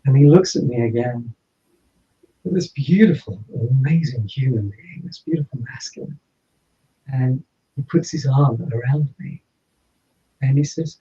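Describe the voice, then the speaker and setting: A man, a podcast guest, telling a personal story in an animated way and acting out the dialogue. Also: mid-range voice, normal speed, long pauses. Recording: slightly dull lo-fi audio.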